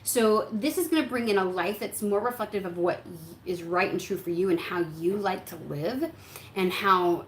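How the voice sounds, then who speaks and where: A woman's voice: mid-range voice, normal speed. Blunt, swearing woman tarot reader. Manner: blunt, chatty, swears freely, acts out listeners' thoughts. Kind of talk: casual tarot reading to camera. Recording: echoey room with faint background hum.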